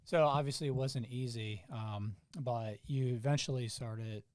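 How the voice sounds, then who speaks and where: A man's voice: mid-range voice, a little slow, no room sound. A man hosting a podcast, chatting casually and affirming his guest's story. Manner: warm, affirming, conversational. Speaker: podcast host. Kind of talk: casual interview chat.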